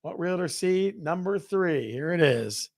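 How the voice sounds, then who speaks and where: Here a man runs a real estate livestream, joking around, reading viewers' comments, and counting down contests out loud. His voice sits a little high and sounds animated, at a measured pace, with studio-quality audio and no echo.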